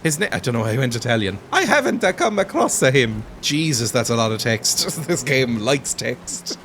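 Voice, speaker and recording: A man's voice: mid-range voice, very animated, normal speed, a bit bright, a little hiss or hum. A man hosting a let's play, making sarcastic jokes about the game as he plays. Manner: sarcastic, joking, laughs often. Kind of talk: jokey gameplay commentary.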